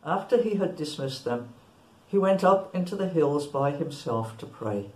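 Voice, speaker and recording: A woman reading a Bible passage aloud in a church, careful and deliberate. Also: low voice, expressive, darkish tone. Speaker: scripture reader. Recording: echoey church room.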